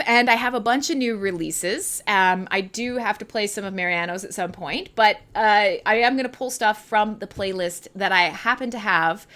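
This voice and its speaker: A woman from Canada, worn out and high, runs a laid-back livestream full of rambling, giggles, profanity and self-mockery. She speaks at a medium pitch with a fairly bright tone.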